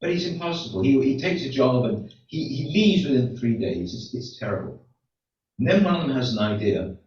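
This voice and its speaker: A man's voice: medium pitch, animated, a little fast, darkish tone, a little hiss or hum. An older man, a rabbi, telling jokes to his congregation in a rambling, chatty way with asides. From outside the United States. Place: synagogue hall. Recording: echoey hall, distant, dull room mic.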